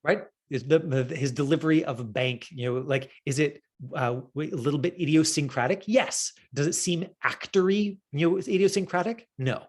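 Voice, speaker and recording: A middle-aged man teaching acting in a casual, talkative way, full of fillers and quick asides. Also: fairly high pitch. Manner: chatty, full of fillers, breaks into quoted voices.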